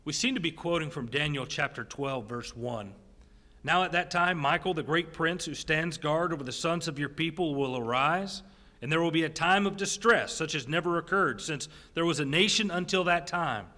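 Bright-voiced preaching man, hall reverb. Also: fairly high pitch. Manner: jokey, animated preaching with quick asides. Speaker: pastor. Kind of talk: sermon. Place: church sanctuary. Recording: long church hall reverb.

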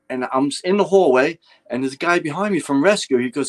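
An older man with a New York accent telling animated, profane stories of his firefighting days, acting out what others said. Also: a little high, fast talker, hardly any pauses. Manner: profane, animated anecdotes with acted-out quotes. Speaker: guest, retired fire lieutenant. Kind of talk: casual storytelling chat.

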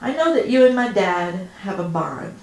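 A woman's voice: medium pitch, sing-song, moderate pace, gravelly, a little mellow, far from the mic. A woman voicing a polite, earnest young man in an audiobook reading. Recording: roomy echo.

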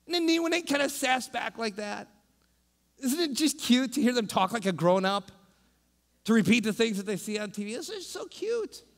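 A preacher putting on a sugary voice of temptation that coos and gushes, pitched up high and sing-song. The sound rings with a long reverb in a big church hall. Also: male voice, very animated, moderate pace, creaky, exaggerated voice. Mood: gushing. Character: coaxing voice of temptation, sugary and cooing.

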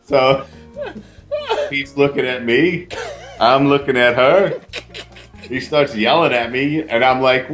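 A man's voice: mid-range voice, slow pace, long pauses, soft background music. Laid-back man telling a story. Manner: relaxed, hesitant with fillers, dry humor. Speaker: podcast co-host. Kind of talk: casual storytelling chat.

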